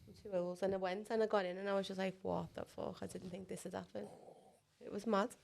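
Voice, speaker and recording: A woman's voice: mid-range voice, quick pace, gravelly. A woman, a podcast guest telling a casual story with lots of swearing and acted-out quotes. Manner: animated storyteller, swears freely, acts out quotes.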